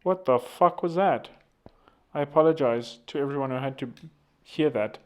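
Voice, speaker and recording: A man's voice: fairly high pitch, normal speed, darkish tone, clean tone. A man hosting a podcast, talking in a rambling, casual monologue full of fillers and self-corrections. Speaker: podcast host.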